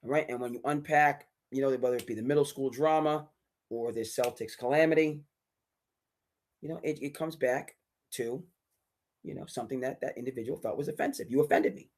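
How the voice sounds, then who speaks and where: Man, solo sports streamer, animated rant, mid-pitched voice, sudden loud bursts. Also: brisk. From New England. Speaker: sports commentary host. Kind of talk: solo sports talk livestream.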